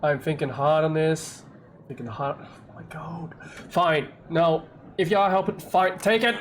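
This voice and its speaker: A game streamer chatting live with viewers, making impulsive, animated comments while playing. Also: medium pitch, a little slow, a faint crowd, slight background noise.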